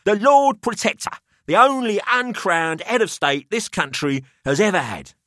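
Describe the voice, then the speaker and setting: A man's voice: high voice, animated, normal speed, pushed and bright, no room sound, clean studio sound, pitched above the performer's own voice. A man voicing a pushy, jovial older male collector who talks down to two young men. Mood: teasing. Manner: expansive, theatrical, patronising.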